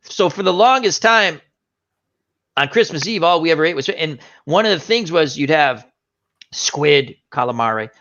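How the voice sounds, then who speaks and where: A man hosting a casual chat, telling an animated anecdote and acting out the voices of the people in it. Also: fairly high pitch, normal speed. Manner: animated anecdote teller, acts out quoted voices. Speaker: host. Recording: dull lo-fi stream audio.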